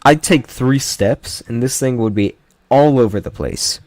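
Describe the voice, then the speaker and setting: A man's voice: mid-range voice, measured pace, a little mellow, no room sound. A man giving casual, jokey commentary while ranking game characters, often trailing off mid-sentence. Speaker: YouTuber ranking Pokémon.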